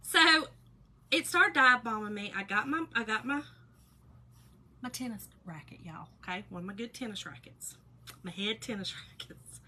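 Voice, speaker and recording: A woman's voice: on the high side, lively intonation, moderate pace, pushed and bright, rough recording. A woman, hosting a casual craft livestream, telling a story and greeting viewers by name. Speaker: livestream host. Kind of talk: casual livestream chat while painting.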